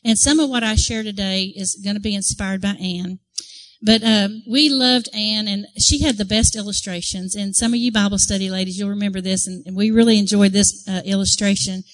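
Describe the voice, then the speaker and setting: The speaker is a woman in women's ministry, talking to a church group in a steady, brisk, medium-pitched voice over poor audio. Her devotional talk centers on a story told earnestly, complete with acted-out crowd reactions, and she keeps it conversational by asking the audience questions.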